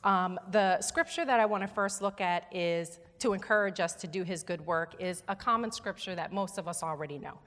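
A woman's voice: on the low side, fairly bright tone. A woman preaching a sermon in a church sanctuary, her voice carrying a long reverb off the walls. Her delivery is earnest and emphatic, and she coaxes listeners to repeat her words back. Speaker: guest preacher.

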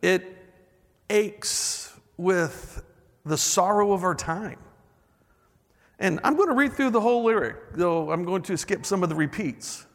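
Pastor, man, high gravelly voice, reads lyrics with rising emphasis, reverberant church sound. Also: animated, unhurried. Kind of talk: sermon.

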